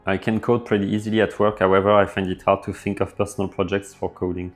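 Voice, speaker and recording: Laid-back developer streamer, male, lowish voice, easygoing chat over faint music. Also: quick pace. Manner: relaxed, thinks aloud with fillers, reads chat messages out. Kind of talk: casual live stream chat reading viewer comments.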